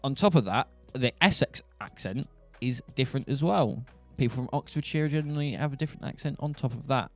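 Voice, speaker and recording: A man's voice: mid-range voice, animated, fairly quick, few pauses, soft background music. A young man from England with a Southern English accent, joking and rambling in a casual monologue. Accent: Southern English, Buckinghamshire. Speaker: streamer.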